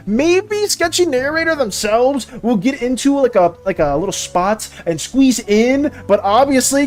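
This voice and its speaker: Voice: medium pitch, a little mellow. An art streamer chatting casually and rambling while working and reading chat on a live stream.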